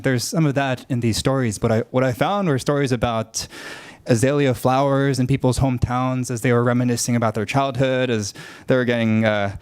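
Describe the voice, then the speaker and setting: Clear-voiced man reflecting on a panel. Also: medium pitch, a little mellow, no echo. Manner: reflective, halting with fillers. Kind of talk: panel discussion remarks.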